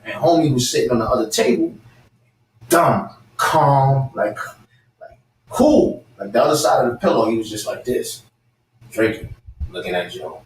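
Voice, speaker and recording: A man, around forty, rants with heat and a lively, swinging pitch, at times breaking into shouts. He sounds set back from the mic in a roomy, echoey space with faint hiss behind him. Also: moderate pace, distant mic. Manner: animated, fired-up, repeats his target's name, bursts into shouting. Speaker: guest. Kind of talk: heated callout rant and storytelling.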